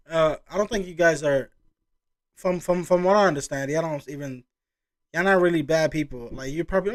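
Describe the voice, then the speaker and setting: A man with a notably high voice talks casually to his viewers. He rambles, restarts and exclaims as he reacts to what he's watching. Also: fairly quick. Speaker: reaction video host.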